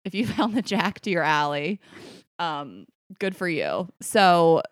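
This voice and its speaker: A woman co-hosting a casual podcast, reading out listener messages with frequent giggles. Her voice sits on the lower side, and the recording is dry and close with no room sound. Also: big pitch swings, unhurried, no echo. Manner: giggly, breaks into high laughter. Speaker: podcast co-host.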